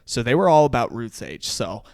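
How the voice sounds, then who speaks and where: A young man co-hosting a comedy podcast, telling family stories in a casual, animated way and acting out quotes. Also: medium pitch, moderate pace, no room sound. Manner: animated, acts out quotes in character. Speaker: podcast co-host.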